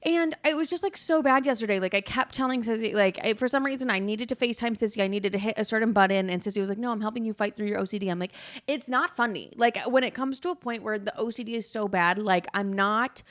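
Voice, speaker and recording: Speaking fast with a fairly high pitch, a young woman in her twenties runs her own podcast. She chats openly and wanders off topic, cursing without restraint and performing the lines she quotes.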